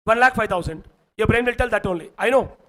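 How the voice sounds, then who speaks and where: A man's voice: sits high, fast talker, sharp tone, low-quality recording. A man with an Indian English accent teaching an online exam-prep lecture, emphatic and often checking that students follow.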